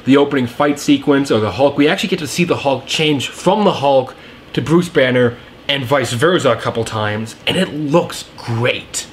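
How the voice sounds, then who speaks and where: A man's voice: medium pitch, moderate pace, a little hiss or hum. A young man giving a casual, rambling film review, enthusiastic and full of fillers and restarts. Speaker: movie reviewer.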